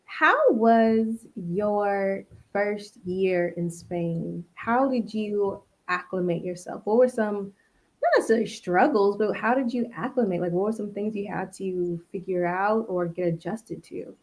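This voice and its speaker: A woman hosting a casual interview, reading out viewer questions and lively when she acts out what people told her. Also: medium pitch, unhurried. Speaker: host.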